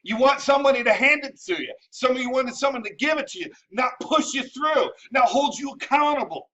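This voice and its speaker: A man's voice: extremely high pitch, expressive, fairly quick, bright, forceful tone, distant mic, muffled recording. A man hosting his own show, giving a blunt, mocking motivational rant from his home office. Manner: brash, mocking, jokey put-on accent. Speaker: host.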